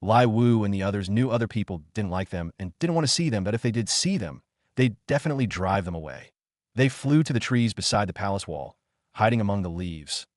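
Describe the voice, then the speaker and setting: A man with a lowish voice reads a storybook-style fantasy tale in a steady, even way. The recording is dry and close, with no room sound at all. He lifts his pitch a little when the characters speak. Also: brisk, dry recording. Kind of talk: scripted storybook narration.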